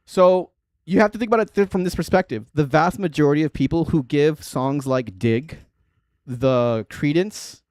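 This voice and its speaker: A man in his thirties hosts a livestream as a bass player, chatting casually and rambling with lots of fillers and frequent laughter. He talks at normal speed in a darkish tone, with no echo.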